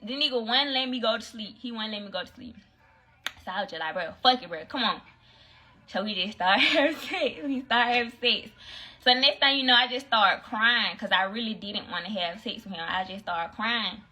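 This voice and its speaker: A young woman telling a casual story on a phone livestream, acting out the voices of the people in it. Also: normal speed. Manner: animated storyteller, acts out voices, swings high for quoted friends.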